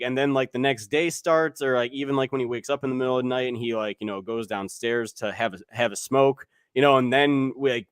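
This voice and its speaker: A young man hosts a podcast in a loose, rambling way, leaning on filler words and casual swearing. His voice is mid-pitched and close to the mic, with a dry sound and no room around it. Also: clear, resonant tone, no room sound. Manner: rambling, heavy "like" filler, profane. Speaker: podcast host. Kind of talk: casual movie discussion.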